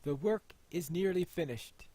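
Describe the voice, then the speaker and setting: A man reads out a proud smith, declaiming in formal lines with a fairly high, plain voice. The recording is dry and close. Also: measured pace, mellow, no room sound. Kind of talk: reading quest dialogue aloud.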